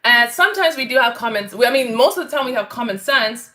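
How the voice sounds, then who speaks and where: A woman's voice: fairly high pitch, expressive, fast talker, sharp tone. A woman from Canada, hosting a casual livestream chat with viewers in a bubbly, chatty way and laughing often. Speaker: host.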